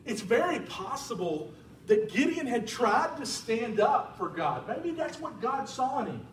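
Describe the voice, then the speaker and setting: A man preaching a sermon as a pastor in a church, telling stories in an animated way. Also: extremely high pitch, unhurried, slight background noise. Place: church sanctuary. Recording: roomy church sound from a distant mic.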